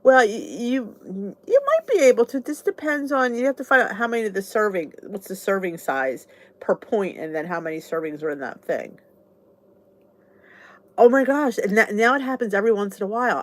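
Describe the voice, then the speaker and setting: A middle-aged woman hosting a casual chat, candid and oversharing, laughing often as she talks. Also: mid-range voice. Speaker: vlog host.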